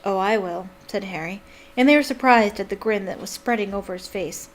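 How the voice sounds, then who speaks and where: A woman's voice: mid-range voice, fairly quick. A young woman reading a novel aloud as a fan, breaking off with gushing, exclamatory asides. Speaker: book reader and fan. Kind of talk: casual reading aloud with commentary.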